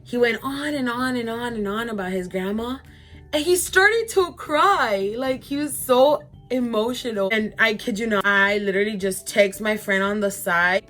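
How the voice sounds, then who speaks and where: Chatty 20s woman doing a storytime vlog, kinda high voice, lots of likes. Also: moderate pace, fairly bright tone, soft background music. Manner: chatty, lots of "like" fillers, addresses viewers directly. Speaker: vlogger.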